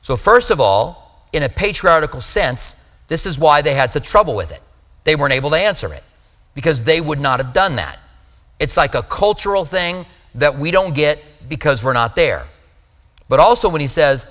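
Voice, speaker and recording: A man preaching to a congregation, talking through his points casually and breaking off into asides. His voice is slightly high and bright, and a long reverb from a large church hall trails behind it. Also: lively intonation, normal speed. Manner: conversational, with asides and self-corrections. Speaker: pastor. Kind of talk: sermon teaching.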